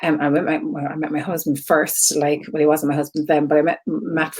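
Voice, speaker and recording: A woman's voice: low voice, little pitch movement, brisk, a little mellow, husky. An Irish woman hosting an online community show, telling a personal story in a candid, rambling way with many fillers and restarts. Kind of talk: casual heartfelt storytelling to viewers.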